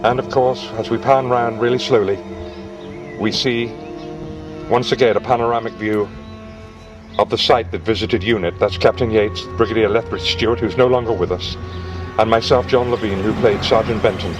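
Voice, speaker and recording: Casting: older man, low voice, fond and enthusiastic tour guide, recorded from a distance with music underneath. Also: steady tone, normal speed. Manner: enthusiastic, sentimental. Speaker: actor giving a location tour. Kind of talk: casual guided video tour. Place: outdoors in a village churchyard. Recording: distant mic with music behind.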